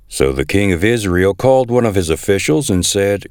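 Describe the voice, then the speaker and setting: A man reading scripture aloud in a measured, expressive way. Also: low-pitched, dry recording, clean studio sound. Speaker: scripture reader.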